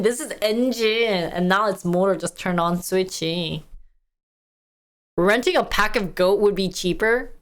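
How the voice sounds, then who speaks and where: A woman streaming live, chatting casually with her viewers, reacting to news items with frequent laughter. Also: mid-range voice.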